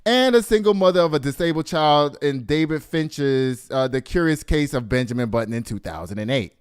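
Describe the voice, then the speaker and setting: Male host, 50s, lively chatty gossip delivery, slightly high, smooth clear voice. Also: fairly quick. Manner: animated, exclaiming, talks straight to the audience. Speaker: show host. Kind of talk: casual gossip commentary.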